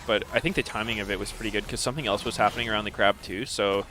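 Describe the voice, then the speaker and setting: A man giving casual, analytical commentary on an esports match at a watch party, explaining plays in a measured way. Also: lowish voice, pushed and bright, soft background music. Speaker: stream co-caster.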